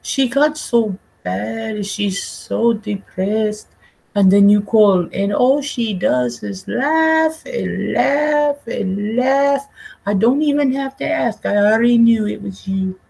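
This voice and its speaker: A man voicing an older mother who speaks slowly, fond and worried, in a husky voice. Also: high voice, darkish tone, pitched above the performer's own voice, heavily acted. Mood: wistful.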